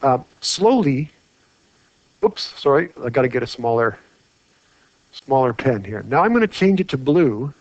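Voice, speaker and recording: A man's voice: mid-range voice, big pitch swings, measured pace, pauses often. A man teaching a lecture while drawing on a whiteboard, chatty and full of rhetorical questions. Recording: dry, dull lo-fi mic.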